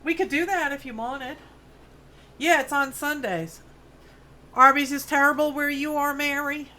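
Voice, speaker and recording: A woman in her fifties speaks with a New York accent, her voice sitting a little higher than most. She hosts a relaxed craft livestream from her farm home studio and chats with viewers as she works. She rambles warmly through friendly asides, reading comments aloud as she goes. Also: measured pace, a little hiss or hum. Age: 50s. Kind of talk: casual chat while crafting, answering viewer comments.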